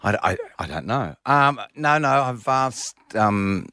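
A man's voice: mid-range voice, animated, takes it slowly, pushed and bright, no echo, studio quality. A man with an Australian accent, a musician guest on breakfast radio, telling stories in a rambling, hesitant way. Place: radio studio.

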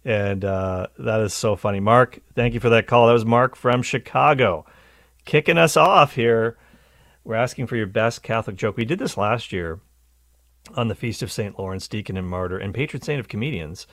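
A low-pitched man hosting a call-in radio program, upbeat and quick to laugh. He talks into a close studio microphone with a dry sound. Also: dry recording. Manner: lively, laughs easily, explains at length. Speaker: radio show host.

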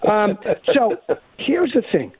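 A man's voice: high voice, slow pace, slightly rough, dry recording. Emphatic talk radio man, thin radio sound. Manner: emphatic, sarcastic, animated quoting. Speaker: radio talk show co-host. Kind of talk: opinionated talk radio monologue. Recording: thin phone-like radio audio.

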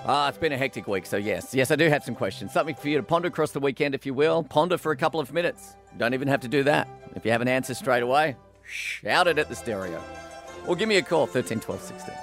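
A man's voice: medium pitch, expressive, fast talker, music in the background. A man with an Australian accent hosting talkback radio, chatty and laughing easily with callers. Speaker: radio host.

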